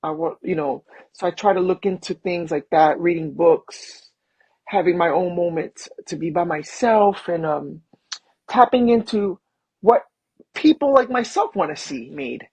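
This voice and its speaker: A man being interviewed as a guest, a film producer telling animated personal stories and acting out what people said. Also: high-pitched, unhurried, vocal fry, slightly rough, no room sound, rough recording. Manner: animated storyteller who acts out quotes. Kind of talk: casual interview storytelling.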